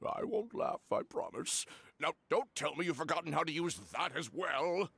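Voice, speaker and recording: An actor voicing a playful old male frog spirit with a gravelly voice and flowery speech in a game. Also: on the high side, big pitch swings, normal speed, a bit bright, no echo, exaggerated voice. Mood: coaxing. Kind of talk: game voice acting.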